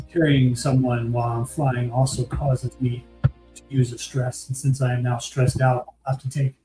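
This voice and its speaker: Tabletop player, a man, matter-of-fact and unhurried, with audible room echo. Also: mid-range voice, a little mellow. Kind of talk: describing his character in a tabletop game.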